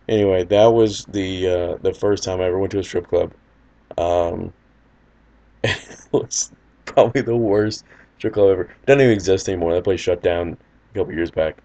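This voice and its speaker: A man's voice: deep voice, fairly even intonation, normal speed, mellow, lo-fi sound. A man casually telling a personal anecdote in a loose, rambling, wry way. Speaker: storyteller.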